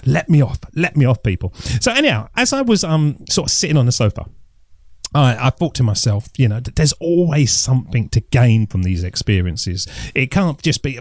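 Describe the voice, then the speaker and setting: A man's voice: fairly high pitch, very animated, normal speed, darkish tone, no room sound, clean studio sound. A middle-aged man, rambling through a jokey, self-mocking podcast story. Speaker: podcast host. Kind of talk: casual solo podcast monologue.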